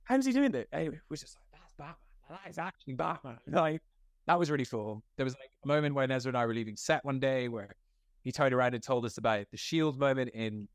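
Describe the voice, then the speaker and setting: A young man from Scotland tells stories from a film set in a loose, slangy way, scattering filler likes through his talk. His voice sits at a middle pitch and is recorded close and dry, with no room sound. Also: clear, resonant tone, dry recording. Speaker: actor guest. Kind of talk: casual interview storytelling.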